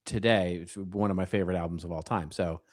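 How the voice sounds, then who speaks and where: A man's voice: deep voice, steady tone, fast talker, no room sound, studio quality. A man co-hosting a podcast, chatting casually, joking and laughing easily. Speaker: podcast co-host.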